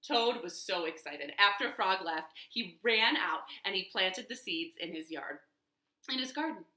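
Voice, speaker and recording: A woman librarian leading a children's storytime from her living room, slow and sing-song, her voice bright and lively in pitch. The roomy room adds a clear echo.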